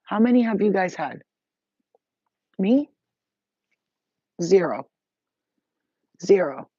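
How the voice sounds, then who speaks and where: A woman's voice: mid-range voice, dark tone, no echo. A woman vlogging to her viewers, venting emphatically and profanely in a rambling monologue. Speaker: spiritual vlogger. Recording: dull, dry lo-fi recording.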